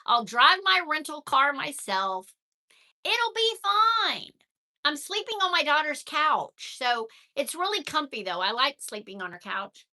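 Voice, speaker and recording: A woman's voice: high-pitched, sing-song, a little slow, pushed and bright. An older woman chatting casually to viewers, thanking them by name as she reads comments. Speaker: vlogger reading live chat.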